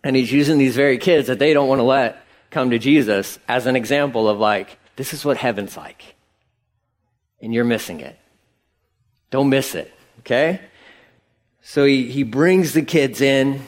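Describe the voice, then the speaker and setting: A middle-aged man preaching a sermon in a conversational, emphatic way, with sudden rises in pitch. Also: moderate pace, long pauses. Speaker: pastor.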